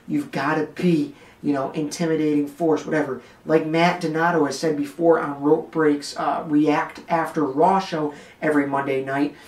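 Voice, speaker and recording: A man's voice: fairly high pitch, roomy sound, recorded from a distance. A man hosting a wrestling podcast, giving blunt, joking commentary straight to his listeners. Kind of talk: opinionated commentary rant.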